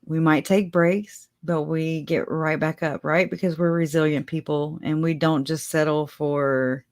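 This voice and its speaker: Speaking straight to her viewers, a livestream host rambles in a chatty way and laughs often. Her deep voice is unhurried and fairly even in intonation.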